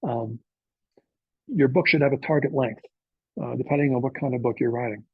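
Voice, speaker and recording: A man's voice: medium pitch, normal speed, slightly rough, dry recording, phone-quality sound. A man, a novelist, giving an informal workshop talk to writers, speaking conversationally with frequent filler uhs and checking in with "okay?".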